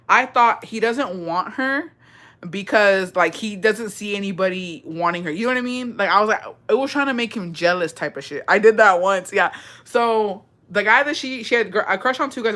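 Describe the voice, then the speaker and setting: A woman's voice: mid-range voice, a bit bright. Storytime vlogger, woman in her thirties, foul-mouthed and gossipy, slips into Spanish, mid-range voice. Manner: profane, gossipy, mixes in Spanish phrases. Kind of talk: casual storytelling.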